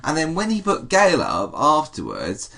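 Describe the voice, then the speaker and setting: A man's voice: on the high side, huge pitch swings, measured pace, vocal fry, fairly bright tone. A man co-hosting a casual chat, bluntly giving opinions on reality TV contestants and swearing freely. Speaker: podcast co-host.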